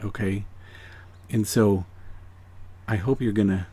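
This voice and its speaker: A man's voice: on the low side, unhurried, long pauses, a little hiss or hum. A man giving a heartfelt spiritual reading to viewers, earnest and encouraging, who often checks in with "okay?". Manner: earnest, encouraging, drops to hushed near-whispers then rises to excited emphasis; repeats phrases and checks in with "okay?". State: emotional. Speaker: angel card reader.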